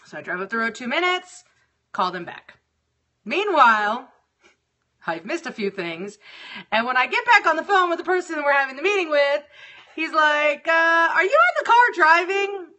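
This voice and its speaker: Bright-voiced profane woman host. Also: sits high, normal speed, pauses often. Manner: profane, exasperated, animated. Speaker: radio show host. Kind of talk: casual storytelling monologue.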